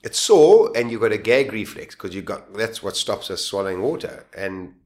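A man, quietly telling a personal survival story in halting speech that often repeats words. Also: fairly low pitch, animated.

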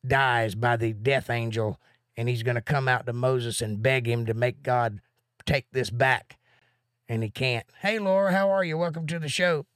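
A man teaching a live Bible study at an average pitch, his voice close and dry with no room echo. He rambles excitedly as he thinks aloud and sounds a little out of breath.

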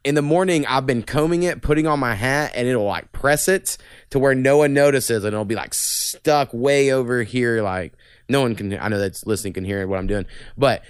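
A man's voice: mid-range voice, normal speed, smooth, no room sound, studio quality. A young man hosting a podcast, rambling through stories with lots of swearing. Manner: profane, rambling storytelling. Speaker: podcast host. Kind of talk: casual podcast chat.

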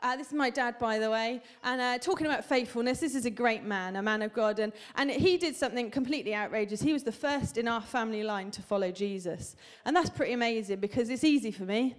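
Woman pastor in her thirties, high voice, chatty humorous sermon to a church crowd. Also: fast, hardly any pauses. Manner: chatty, humorous storytelling with asides to the congregation. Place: church hall.

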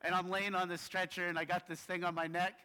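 Bright-voiced pastor in a reverberant hall. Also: male voice, sits high, little pitch movement, fairly quick. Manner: casual, tags lines with "right?". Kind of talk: sermon with personal stories.

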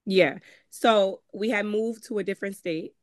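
A woman's voice: medium pitch, normal speed. A woman with a Connecticut accent recounts her past as an interview guest, speaking candidly with plenty of "um" and "like". She slips into quoted voices as she tells it. The sound is dry, with no room echo. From Connecticut, USA. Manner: candid, conversational, frequent "um" and "like", acts out quoted voices. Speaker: guest author. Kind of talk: personal storytelling in interview.

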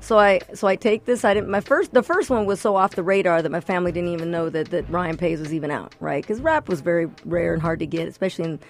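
A woman from the Los Angeles area, a guest author, telling stories in a lively, laughing way and acting out the quotes. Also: fairly low pitch, fast, hardly any pauses, faint music behind. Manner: animated, laughing storyteller, acts out quotes. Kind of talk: casual storytelling.

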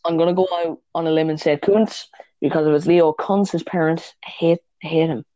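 A man's voice: a little high, steady tone, moderate pace, warm tone, no room sound, dull audio. Sweary laughing podcast co-host, man. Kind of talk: casual chat.

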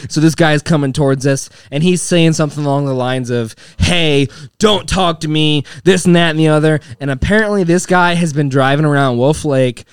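A man's voice: on the high side, fairly quick, hardly any pauses, clear, resonant tone, dry recording. A man in his twenties, a podcast co-host, telling a story in casual chat, swearing, laughing and acting out quotes.

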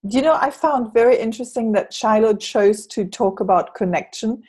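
A woman's voice: on the high side, normal speed, a little mellow, slightly rough. A woman hosting a casual interview, asking encouraging, inquisitive questions. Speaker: host.

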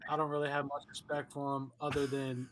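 A man's voice: medium pitch, completely flat delivery, brisk, a bit bright, slight background noise. A man co-hosting a fight-picks show, talking in a blunt, crude, offhand way. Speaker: regular co-host. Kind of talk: casual betting chat.

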